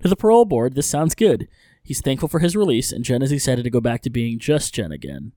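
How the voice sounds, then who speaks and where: A man co-hosting a podcast, recapping an episode in casual chat with lively narration and joking asides. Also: mid-range voice, fast talker, dry recording, clean studio sound. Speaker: podcast co-host.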